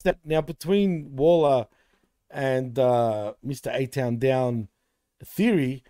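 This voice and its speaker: A man's voice: mid-range voice, slow pace, mellow, dry recording, studio quality. A man co-hosting a podcast, chatting casually and jokingly, often calling his partner man or bro. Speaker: podcast co-host. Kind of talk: casual chat.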